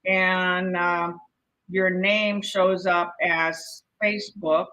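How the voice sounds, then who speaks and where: A woman's voice: lowish voice, little pitch movement, drawn-out words, bright, forceful tone, poor audio. Chatty Mexican-accented woman teaching a live class. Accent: Mexican Spanish. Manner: chatty, encouraging, checks in with "okay?" often. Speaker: real estate exam prep instructor. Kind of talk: live-streamed exam prep lesson.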